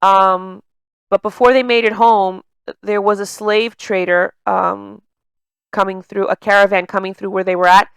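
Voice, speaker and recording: Speaking a little slowly with a flat delivery, this woman has a mid-range, creaky, slightly bright voice with a clean tone and no room sound. She coaches on emotional intelligence in a casual, conversational talk, leaning on fillers like "like" and "you know," and a mild stutter has her repeating words mid-sentence.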